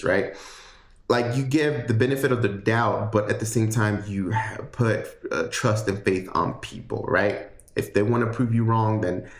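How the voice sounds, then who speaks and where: Man, low voice, tarot reader, chatty livestream, lots of ums, roomy echo. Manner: chatty, rambling, many fillers and restarts. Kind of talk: casual livestream tarot reading.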